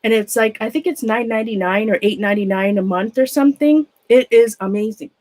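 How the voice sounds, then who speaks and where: A woman with a fairly high voice talks casually to viewers who are watching her live. She drifts from thought to thought, often breaks off mid-sentence and starts over, and pokes fun at herself as she goes. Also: a little fast, darkish tone. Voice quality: rambling, trails off and restarts mid-sentence. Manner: chatty and self-mocking, laughs often. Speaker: craft room vlogger. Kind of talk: casual live-stream chat.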